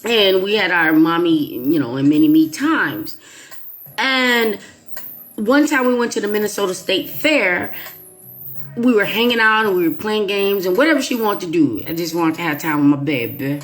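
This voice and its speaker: Animated woman storytelling to her viewers. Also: medium pitch, moderate pace, faint music behind. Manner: animated, emphatic, with playful asides. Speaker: YouTube channel host. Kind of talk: casual storytelling monologue to viewers.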